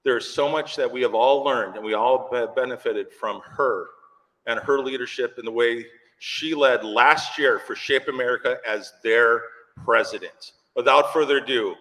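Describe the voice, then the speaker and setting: A man hosting a conference, introducing the keynote speaker in an excited, joking and nervous way. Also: mid-range voice, moderate pace. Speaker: conference host. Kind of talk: event introduction. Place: large conference hall. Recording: long hall reverb.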